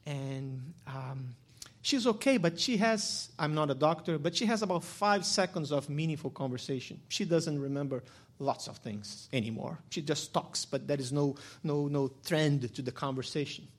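Husky-voiced male pastor preaching. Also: moderate pace. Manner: swings from quiet, low musing to loud, emphatic preaching. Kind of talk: sermon.

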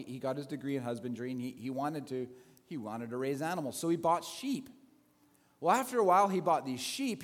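A male pastor telling a story in a sermon, conversational, with restarts and asides. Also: medium pitch. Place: church sanctuary. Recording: long hall reverb.

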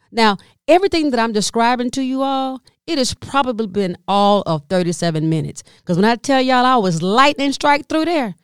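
A woman telling a comedic story, animated and exasperated, with sudden jumps in pitch for emphasis. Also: clean tone, dry recording, clean studio sound.

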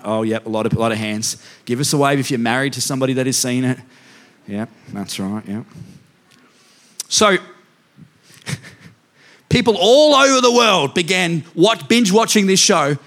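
A man's voice: on the high side, animated, moderate pace, long pauses, a bit bright. A man pastor giving a humorous sermon in a church, self-mocking and speaking directly to the congregation. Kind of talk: humorous sermon with personal stories.

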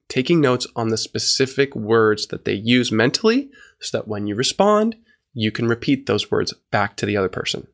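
A man's voice: mid-range voice, fairly bright tone. A man hosting an instructional podcast, explaining listening skills and demonstrating changes in his volume and speed. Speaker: podcast host and coach.

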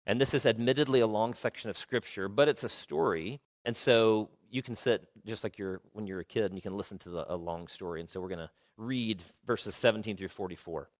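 A man with a lowish voice preaches in a conversational way, pausing on fillers before reading a long passage aloud. The sound is dry and close. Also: no echo. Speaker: pastor. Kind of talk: sermon with scripture reading.

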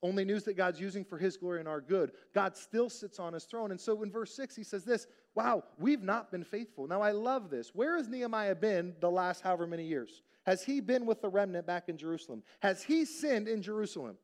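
Casting note: man with a high voice, pastor preaching a sermon, chatty, asks the room questions. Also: animated, brisk, few pauses. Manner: conversational preaching, rhetorical questions, acted-out quotes.

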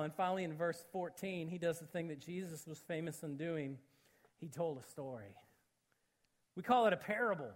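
Male pastor, light high voice, lively preaching with acted-out quotes. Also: normal speed. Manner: animated, jokey, acts out quotes, shifts to low earnest tone. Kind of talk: sermon storytelling.

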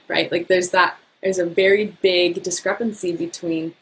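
A woman talking as a podcast guest, upbeat and animated, laughing often. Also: lowish voice, moderate pace, slight background noise, poor audio. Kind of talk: casual podcast conversation.

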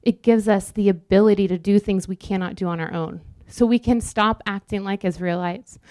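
A young woman preaches in an earnest, conversational style, breaking into quick asides. Her voice is smooth and resonant. The sound is dry, with no room echo. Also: mid-range voice, steady tone, darkish tone. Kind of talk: sermon.

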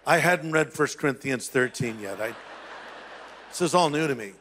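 A man's voice: mid-range voice, expressive, moderate pace, long pauses, a bit bright, in a large hall, slight background noise. A male pastor sharing a personal testimony as a sermon, acting out the voices of people in his story.

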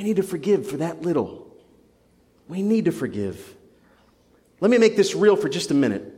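A man's voice: a little high, very animated, normal speed, long pauses, dark tone, in a large hall. A young adult man preaching a sermon in a church, earnest and building to emphatic passion. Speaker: pastor. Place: church sanctuary.

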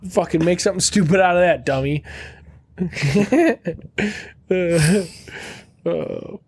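A man's voice: high-pitched, animated, slow, husky. A man co-hosting a podcast in crude, casual banter, laughing often. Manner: laughs often, loud jokey impressions. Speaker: podcast co-host.

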